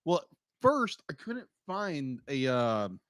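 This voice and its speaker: A man co-hosting a podcast, chatting casually with short, relaxed replies. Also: a little high, slow, no room sound. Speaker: podcast co-host.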